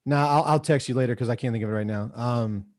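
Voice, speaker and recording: A man's voice: mid-range voice, fast talker, darkish tone, dry recording. A man, a comedian, chatting casually and loosely on a livestream, rambling and swearing. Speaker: comedian, roast honoree.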